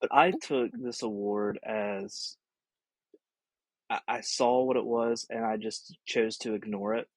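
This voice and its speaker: A man co-hosting a casual podcast with dry, deadpan humor. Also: fairly low pitch, slow, no room sound. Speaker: podcast co-host. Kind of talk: casual chat.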